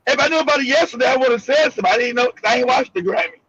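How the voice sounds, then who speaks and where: A man co-hosting an online talk show, chatting bluntly with lots of laughter and animated retelling. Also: extremely high pitch, rapid-fire, muffled recording, crowd noise. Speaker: co-host. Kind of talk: casual chat.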